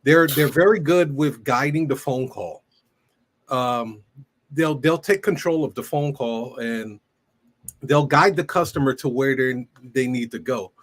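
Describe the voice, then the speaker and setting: A man hosting a casual interview, speaking in a halting way with restarts. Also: medium pitch.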